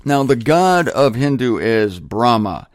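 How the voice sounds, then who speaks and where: A man hosting a show alone, talking casually with joking asides and lively shifts. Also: medium pitch, slow pace, no echo, studio quality. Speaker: host. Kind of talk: casual monologue on religion.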